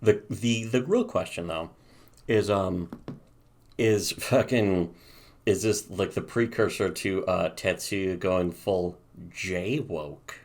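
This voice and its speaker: A man's voice: low voice, slow, a little mellow. A man co-hosting a podcast, chatting casually and sarcastically about webcomics, rambling and swearing a lot. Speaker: podcast co-host reviewing webcomics. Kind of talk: casual profane podcast chat.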